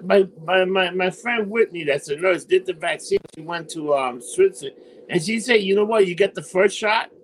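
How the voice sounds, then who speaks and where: High-voiced blunt man, faint noise. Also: moderate pace, poor audio. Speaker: podcast co-host. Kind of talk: casual profane chat.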